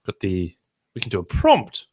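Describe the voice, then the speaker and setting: A man's voice: on the low side, wildly swooping pitch, moderate pace, darkish tone, slightly rough. A man hosting a podcast in casual chat, tossing in dry jokes and asides. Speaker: podcast host.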